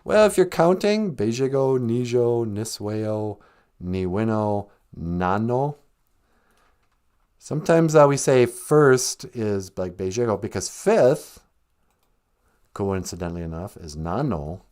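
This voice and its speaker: A man from Minnesota hosting a casual, jokey live-stream podcast, sounding out words slowly and carefully. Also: lowish voice, expressive, a little mellow, clear, resonant tone. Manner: playful, jokey, teaches words with slow careful pronunciation. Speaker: podcast host.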